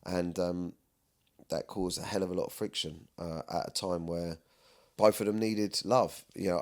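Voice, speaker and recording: Earnest and rambling, this low-pitched male podcast host opens up in a frank personal conversation. He frequently checks in with "do you know what I mean."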